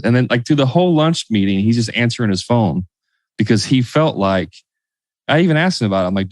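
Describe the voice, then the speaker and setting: A man's voice: on the low side, lively intonation, a little fast, darkish tone, no room sound. A man hosting a business podcast, chatting casually, telling anecdotes and joking dryly. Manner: dry, joking, tells stories. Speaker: podcast host.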